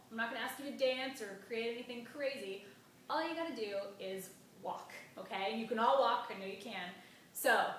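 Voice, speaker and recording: A woman's voice: on the high side, fairly bright tone, slight background noise. A woman teaching a grammar lesson, upbeat and encouraging, spelling out letters and chanting syllables to a beat. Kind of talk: classroom-style grammar lesson. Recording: very echoey room, mic at a distance.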